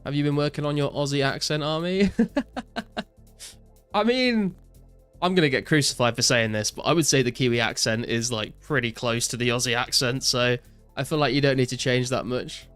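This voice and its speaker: A young game streamer talks loosely and relaxedly to his live chat while gaming, reading out viewers' messages and musing on answers with lots of fillers. His ordinary-pitched voice is smooth and clean at a normal speed, with soft music quietly underneath on a dry recording.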